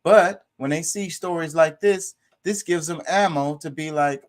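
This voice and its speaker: A man's voice: on the high side, unhurried. Blunt, profane man talking to his viewers. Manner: blunt and profane, talks to the audience directly. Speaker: commentator reading viewer comments. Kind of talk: casual live-stream commentary.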